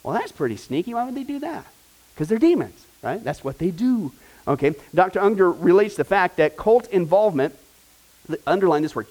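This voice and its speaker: A man's voice: high voice, very animated, fairly quick, darkish tone, rough recording. A man teaching a Bible discipleship class in a conversational way, often checking in with "right?" and "okay?".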